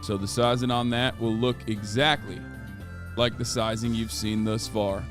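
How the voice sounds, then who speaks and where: A man's voice: lowish voice, level tone, normal speed, music in the background. A man livestreaming and chatting casually. He sounds exasperated, swears often and reads chat comments aloud. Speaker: livestreamer selling merch.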